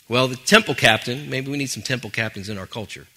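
A man preaching a sermon as pastor, conversational with animated asides. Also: medium pitch, fast talker, few pauses.

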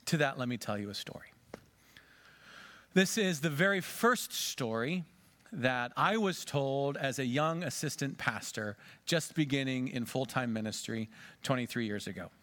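A man's voice: medium pitch, moderate pace. A pastor in his forties preaching a sermon and telling a dramatic story. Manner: dramatic storytelling, varying loudness and pace.

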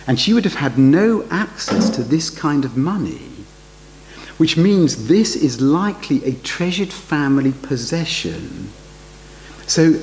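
A man preaching a sermon, his voice lively and full of rhetorical questions. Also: mid-range voice, slight background noise, low-quality recording.

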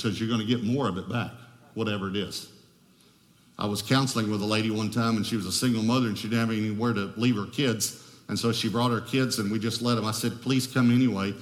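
A man preaching a sermon as pastor, emphatic, repeating key phrases and putting questions to the congregation. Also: fairly low pitch. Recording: long hall reverb.

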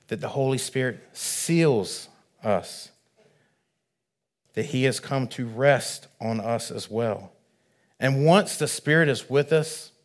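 A man preaching a sermon, measured and earnest, swelling louder on key phrases. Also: medium pitch.

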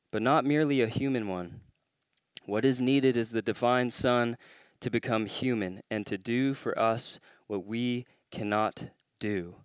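A man delivers a sermon from the pulpit, deliberate and unhurried. His voice is smooth and resonant and sits close and dry. He leans into key phrases with growing emphasis. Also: mid-range voice, dry recording. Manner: emphatic, rising to stress key claims. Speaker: pastor.

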